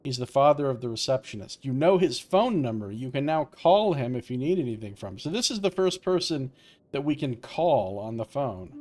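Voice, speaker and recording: A man's voice: medium pitch, a little mellow. A man commentating live on a video game he is playing, chatty and musing as he talks through what happens. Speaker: let's play commentator. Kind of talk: live-streamed gameplay commentary.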